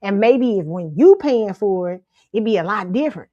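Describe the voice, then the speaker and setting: Woman host, blunt, sassy commentary, mid pitch, dry close sound. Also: normal speed, no echo, muffled recording. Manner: blunt, sassy, animated, laughs often. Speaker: show host. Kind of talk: pop culture commentary livestream.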